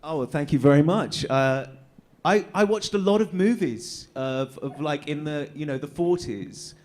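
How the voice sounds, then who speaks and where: A man's voice: on the high side, unhurried, darkish tone. An English man talking as a guest on a convention panel, telling casual anecdotes, chatty, laughing often and trailing into fillers. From England.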